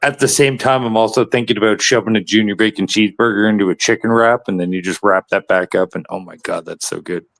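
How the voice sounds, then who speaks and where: Low dude rambling bout food, swears a lot, dry close mic. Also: male voice, fast, vocal fry, few pauses, fairly bright tone, dry recording. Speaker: co-host. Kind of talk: casual crude chat.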